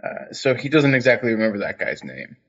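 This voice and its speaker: A man's voice: lowish voice, big pitch swings, a little fast, fairly bright tone. A man playing a tabletop role-playing game, hesitantly describing what his character does. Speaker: player. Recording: dull lo-fi mic.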